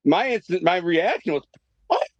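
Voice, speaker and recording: A middle-aged man, from Detroit, telling his life story as a podcast guest in a streetwise, animated way and acting out the voices in his quotes. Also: sits high, moderate pace, dry recording. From Detroit, USA. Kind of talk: casual storytelling. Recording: dry, dull podcast audio.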